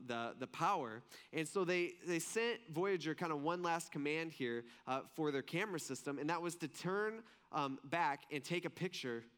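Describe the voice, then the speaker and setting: A fairly high-pitched man preaches in a casual, chatty way, often stopping to quiz the crowd and restarting his thoughts mid-sentence. His voice rings out with a long reverb tail, as in a big hall. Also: a bit bright, smooth. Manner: conversational, questioning the audience, frequent fillers and restarts. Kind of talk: sermon.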